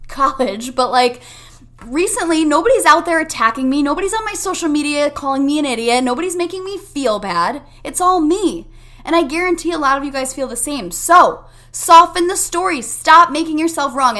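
High-voiced upbeat woman podcast host. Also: sharp tone. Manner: upbeat, emphatic, talks straight to listeners. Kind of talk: motivational self-help monologue.

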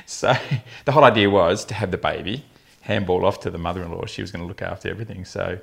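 Man, very low voice, fertility specialist, casual podcast chat, blunt humour. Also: fast, creaky, husky. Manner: anecdotal, laughing often, blunt humour.

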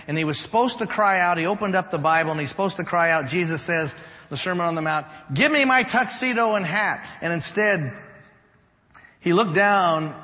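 A man preaching a sermon as pastor, telling stories and moving between loud, lively stretches and hushed, quiet ones. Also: a little high. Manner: storytelling, swings from loud to hushed. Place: church sanctuary. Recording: dull sound with long reverb in a large hall.

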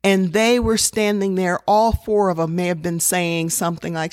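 A woman's voice: fairly low pitch, steady tone, normal speed, few pauses, no echo, clean studio sound. A middle-aged woman giving an earnest talk to parents, acting out example phrases as she goes. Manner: earnest, quotes examples in acted tones. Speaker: parenting speaker.

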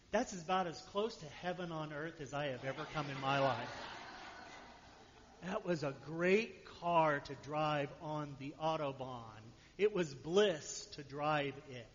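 Talking to his church congregation in a conversational way, a male pastor delivers a sermon and keeps asking "right?". His pitch is fairly high and a bit bright, and the sanctuary recording is dull, with a long hall reverb.

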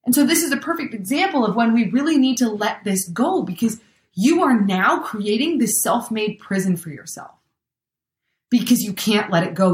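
A woman with a fairly high voice talks through a motivational message in a casual, conversational way. She keeps acting out small everyday scenes with exclamations. The sound carries a noticeable room echo. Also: expressive, moderate pace. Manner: chatty, acts out everyday scenarios with exclamations. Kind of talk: motivational talk.

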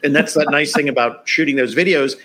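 A man in a casual live-stream chat who talks in a relaxed way, often laughing and tagging his points with "right?". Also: on the high side, fairly quick. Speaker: LinkedIn expert co-host.

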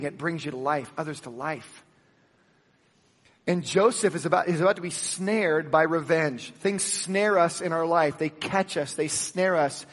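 A man preaching a sermon with animated, emphatic delivery, swinging from loud peaks to soft drops and acting out the dialogue of the story. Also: fairly high pitch, a little slow, long reverb tail. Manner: acts out the dialogue of the Bible story. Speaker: pastor.

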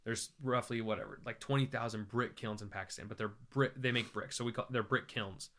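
An American man, a traveling evangelist, telling a story in a podcast interview, animated and joking and acting out the voices of the people he quotes. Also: medium pitch, brisk. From United States. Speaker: evangelist guest. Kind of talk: conversational storytelling.

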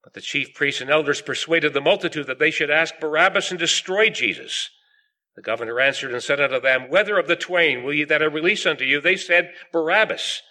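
A man's voice: a little high, fairly quick, bright, forceful tone. A man preaching a sermon to a gathered audience, reading long King James scripture passages aloud with rising emphasis on the questions.

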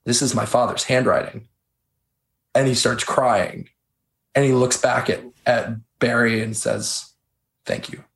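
Co-hosting a casual film podcast, a man with a medium-pitched, creaky voice and unhurried delivery retells scenes emotionally, becoming choked up as he goes. He's recorded on an on-camera mic.

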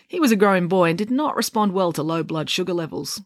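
A woman reading a children's bedtime story with playful, deadpan humour. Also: fairly low pitch, quick pace, no echo, clean studio sound.

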